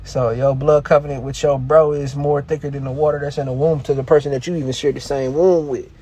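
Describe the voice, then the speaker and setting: Guy going live, kinda high voice, slangy and hyped, coaching folks loose and casual. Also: flat delivery, a little fast, dark tone, husky. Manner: slangy, streetwise, motivational, laughs often. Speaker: livestream host, reselling coach. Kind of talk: casual livestream talk.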